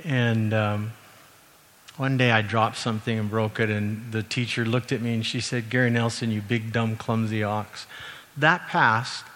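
Man, middle-aged, from Canada, sermon, conversational, filler-heavy, bright tone, long hall reverb. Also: mid-range voice. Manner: conversational, frequent fillers and self-corrections. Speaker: university president and former minister. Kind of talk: sermon with personal anecdotes.

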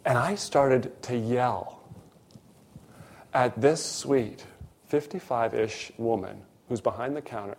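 A middle-aged man preaching a sermon, telling a personal story with lively swings between loud emphasis and hushed, quiet asides. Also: mid-range voice, a little slow.

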